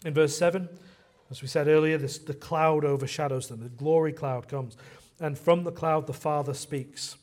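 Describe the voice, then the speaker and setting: A man's voice: fairly high pitch, fairly even intonation, moderate pace, a little mellow. A man preaching a sermon in a conversational way, often repeating phrases for emphasis.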